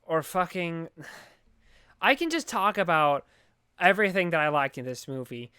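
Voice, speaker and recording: Smooth-voiced sarcastic podcast guy. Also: fairly high pitch, lively intonation, unhurried, sharp tone, no room sound, studio quality. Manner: sarcastic, rambling, swears often. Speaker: podcast co-host. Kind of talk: casual movie review chat.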